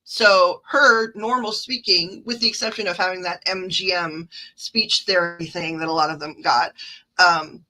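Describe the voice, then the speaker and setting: A woman's voice: on the low side, steady tone, normal speed, pushed and bright, low-quality recording. A woman with a Midwestern accent, hosting a livestream as a card reader, chatty and digressive as she reads the chat aloud. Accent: Midwestern American. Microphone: phone.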